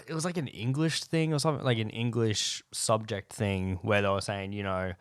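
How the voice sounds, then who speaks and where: A young Australian man hosting a casual solo podcast, rambling and animated and swearing often, talking close to the microphone. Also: on the low side, normal speed, dry recording. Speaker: podcast host. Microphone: close podcast mic.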